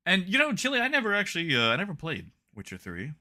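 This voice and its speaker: A man's voice: high voice, huge pitch swings, fast, bright, forceful tone. A young man streaming a video game, chatting casually with his viewers and reading patch notes aloud with dry, wry jokes. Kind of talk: casual live-stream chat.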